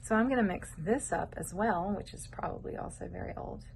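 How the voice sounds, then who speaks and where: A woman's voice: medium pitch, brisk, gravelly, slight background noise, poor audio. Rambling woman cooking at home. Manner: chatty, rambling, wanders off topic. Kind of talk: casual cooking chat. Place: home kitchen.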